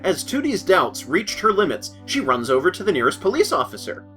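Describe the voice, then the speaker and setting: A man narrates a comedic fan fiction in an amused way, his voice moving lively up and down at a middle pitch. Music plays clearly behind him. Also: brisk. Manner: amused, often breaking into laughter. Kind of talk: comedic fanfiction reading.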